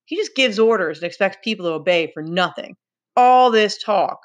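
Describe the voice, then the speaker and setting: A woman voicing a proud, aggressive boy who leads the hunters in a read-aloud novel, making forceful, accusing declarations. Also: medium pitch, animated, normal speed, close to an everyday voice.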